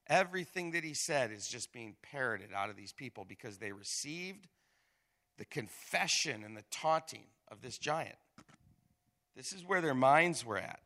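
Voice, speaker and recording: Male pastor preaching, lively swoopy voice, loud dramatic scripture reading. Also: a little high, normal speed.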